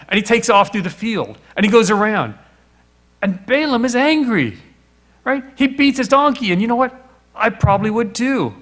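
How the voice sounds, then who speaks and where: A man's voice: very high voice, big pitch swings, moderate pace, a bit bright. A middle-aged man preaching a sermon, telling the story with little acted voices and rhetorical questions.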